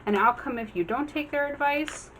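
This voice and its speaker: A woman giving a casual general tarot reading, chatty, acting out the figures on the cards in quick quoted voices. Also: sits high, a bit bright, a little hiss or hum, low-quality recording. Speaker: tarot reader.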